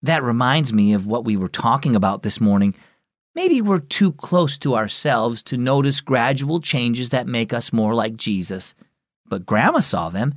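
A man's voice: medium pitch, animated, a little slow, no echo, studio quality. A man voicing a comforting mother tucking her son in, in a children's storybook reading. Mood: tender. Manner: soft, comforting. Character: tender, reassuring mother.

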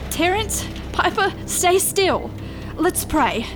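An actress playing a prim, proper park ranger. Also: female voice, very high-pitched, sing-song, takes it slowly, slight background noise, full character voice.

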